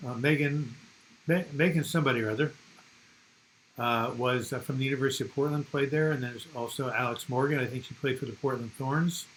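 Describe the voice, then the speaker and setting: A man's voice: mid-range voice, a little fast, a bit bright, slight background noise, poor audio. Chatty older American man hosting. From United States. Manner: chatty, rambling, reads viewer comments aloud. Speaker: live chat host. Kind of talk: casual live-stream chat.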